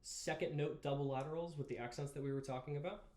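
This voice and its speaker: A young man teaching marimba, talking through exercises in a relaxed way and counting beats aloud. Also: a little high, fast. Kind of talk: instructional music lesson. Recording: roomy practice space with marimba. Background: marimba playing.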